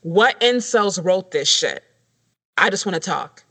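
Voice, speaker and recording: A woman's voice: fairly low pitch, animated, unhurried, a bit bright, slightly rough. A woman co-hosting a podcast in casual chat, making blunt, sassy asides. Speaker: podcast co-host.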